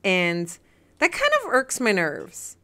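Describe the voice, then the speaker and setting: A woman's voice: mid-range voice, wildly swooping pitch, takes it slowly, pushed and bright. A woman co-hosting a casual podcast, ranting heatedly and swearing a lot as she reads viewer comments. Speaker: podcast co-host.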